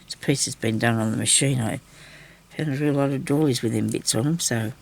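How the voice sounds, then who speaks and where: Aussie lady rambling thru her sewing vlog, husky kinda raspy voice, right up on the cam. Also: very deep voice, fairly quick, darkish tone. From Australia. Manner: rambling, chatty, talks to herself while sewing. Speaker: craft vlogger. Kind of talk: casual crafting vlog chat. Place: indoor room at home. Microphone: camera mic, very close.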